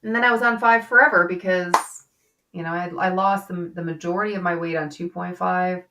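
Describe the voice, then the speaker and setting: A woman physician hosting a casual live-stream chat, talkative and quick to laugh, with lots of fillers. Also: on the low side, fairly even intonation, far from the mic, background noise. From western New York. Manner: chatty, laughs often, many fillers. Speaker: physician host.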